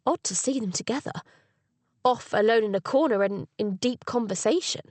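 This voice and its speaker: A woman's voice: fairly high pitch, moderate pace, a little mellow, dry recording, natural voice. A woman voicing an inquisitive young Victorian lady with polite diction. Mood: curious.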